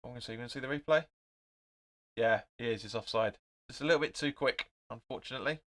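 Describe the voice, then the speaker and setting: A man in his twenties or thirties hosting a live football watch-along stream. He calls out player names in clipped bursts, chats with viewers and swears when play frustrates him. His pitch sits in the middle of the male range. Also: quick pace, a bit bright.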